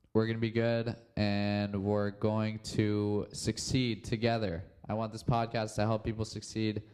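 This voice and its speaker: A young man talks through a solo podcast in a loose, rambling way, leaning on fillers. His voice sits fairly low and comes across smooth and clear. He sounds relaxed and unscripted. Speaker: podcast host. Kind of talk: casual solo podcast chat.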